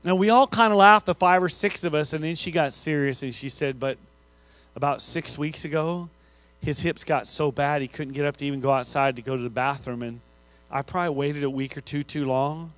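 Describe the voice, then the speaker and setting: A man's voice: a little high, a little fast, no room sound. Man giving a storytelling assembly speech. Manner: storytelling, swings from loud to hushed. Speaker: school assembly speaker. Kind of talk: motivational speech to students. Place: school gym assembly.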